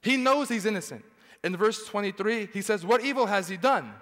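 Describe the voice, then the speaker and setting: A man's voice: sits high, expressive, a little fast, fairly bright tone. A man preaching a sermon to his congregation, emphatic, often putting questions to the listeners. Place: church sanctuary. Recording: church hall with long reverb.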